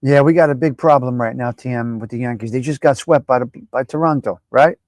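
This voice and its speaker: A man hosting a casual live-stream chat, brash, profane and animated as he talks back at viewers by name. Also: mid-range voice, brisk, no room sound. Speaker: live show host.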